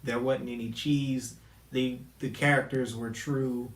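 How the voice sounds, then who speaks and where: A man co-hosting a casual chat about movies and games, relaxed and quick to laugh. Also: mid-range voice, reverberant, poor audio. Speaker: podcast co-host. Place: home room with air conditioner running.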